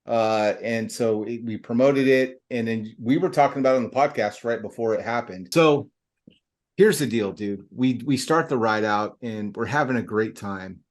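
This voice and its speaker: A middle-aged man with a mid-range voice hosts a podcast in a loose, casual way. He tells a long, rambling story with plenty of fillers, restarts and slang. His delivery stays animated and chatty throughout. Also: mid-range voice, normal speed. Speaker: podcast host.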